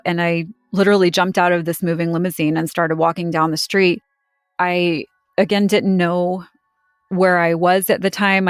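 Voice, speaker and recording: A woman recounting a frightening personal experience in an interview, speaking earnestly and with emotion, often quoting what others said. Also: fairly low pitch. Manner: earnest, emotional storytelling with quoted dialogue. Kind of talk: conversational personal account.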